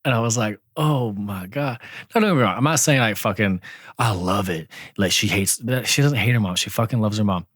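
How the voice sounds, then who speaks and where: Swearing, animated man on a dry mic. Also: fairly low pitch, fast, no echo. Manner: swears freely, animated storytelling. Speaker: podcast co-host. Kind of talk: casual chat.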